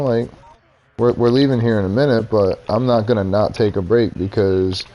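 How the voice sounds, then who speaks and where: A young man with a somewhat low voice tells a long, profane story to his stream. He gets heated as he replays the argument, voicing both himself and his boss in quick, angry bursts. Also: darkish tone. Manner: profane, heated retelling with quoted dialogue. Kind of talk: casual storytelling rant.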